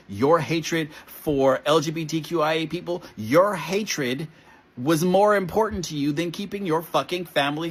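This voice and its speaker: A woman's voice: on the low side, husky. A woman delivering an angry, profane social media rant, blunt and accusatory.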